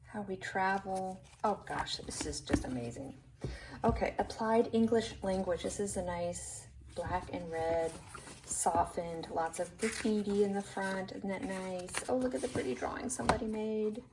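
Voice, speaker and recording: A vintage book seller holds up her books one at a time, chatting casually and gushing over the illustrations in a show-and-tell. Her mid-range voice moves at a normal speed, recorded from a distance over a noisy background.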